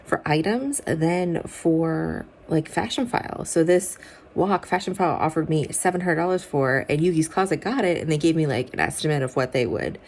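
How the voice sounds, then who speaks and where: Chatty low-voiced woman vlogging. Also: animated, normal speed, darkish tone. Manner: chatty, many "like" fillers. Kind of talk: casual vlog chat. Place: car and home.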